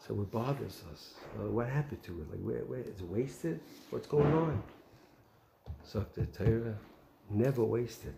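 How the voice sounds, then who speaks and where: A man giving an animated Torah talk, asking rhetorical questions and telling stories. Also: mid-range voice, measured pace, vocal fry, echoey room, a little hiss or hum. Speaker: Torah teacher.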